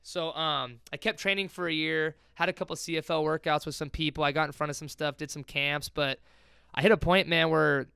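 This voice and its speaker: A young man, a former football player, telling stories in a casual interview, excited and swearing freely. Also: a little high, fairly quick, gravelly, clean tone, no room sound, clean studio sound. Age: young adult. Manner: excited, profane storytelling.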